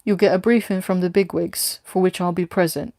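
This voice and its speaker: A woman's voice: lowish voice, fairly even intonation, fairly quick, mellow, no echo, clean studio sound, close to an everyday voice. A woman voicing a brash mocking female London tough. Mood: taunting. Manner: taunting, blunt.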